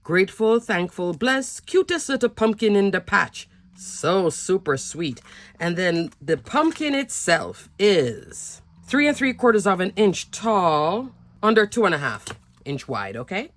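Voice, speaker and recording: A woman hosting a craft video, chatting warmly and gushing over cute stamps as she shows them. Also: medium pitch, very animated, a little slow. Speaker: craft channel host. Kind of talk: casual product show-and-tell.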